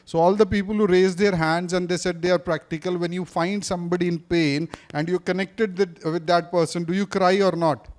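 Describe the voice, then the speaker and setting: A man's voice: sits high, flat delivery, fairly quick, hardly any pauses. A man teaching a live class in a classroom, quizzing his students and repeating his points. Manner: questions the audience, repeats points, switches briefly into Hindi. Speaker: speaking coach teaching a class. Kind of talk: interactive classroom lecture.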